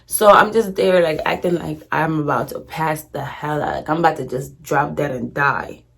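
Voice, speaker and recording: Animated young woman telling a story. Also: deep voice, moderate pace, creaky, husky. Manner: animated, slangy, dramatic retelling. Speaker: vlogger. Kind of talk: casual storytelling.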